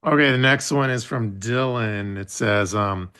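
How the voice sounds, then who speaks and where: Slow-reading male podcast co-host. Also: mid-range voice, pushed and bright, smooth. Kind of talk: casual chat, reading reviews aloud.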